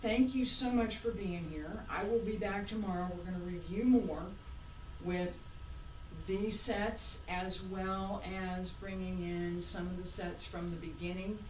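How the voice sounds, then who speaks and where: Slow-paced woman teaching from afar. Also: fairly low pitch, steady tone, darkish tone, slight background noise. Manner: reflective, thinks aloud with restarts and rhetorical questions. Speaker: martial arts instructor. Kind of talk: teaching while demonstrating. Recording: roomy sound from a distant mic.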